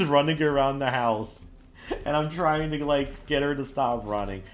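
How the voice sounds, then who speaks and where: A man's voice: medium pitch, fairly quick. A man streaming a video game and chatting with viewers, telling stories with laughter and a lot of swearing. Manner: chatty, laughing storyteller who swears freely. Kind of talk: casual gameplay chat with viewers.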